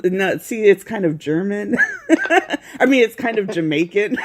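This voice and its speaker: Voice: medium pitch, lively intonation, slow pace, long pauses. A podcast host chatting casually from home while feeling unwell, rambling and laughing often.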